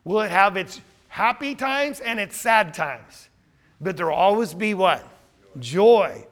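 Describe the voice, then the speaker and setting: High, bright-voiced man preaching a sermon. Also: lively intonation, takes it slowly. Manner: earnest, asks the listeners questions and answers them himself. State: losing his voice.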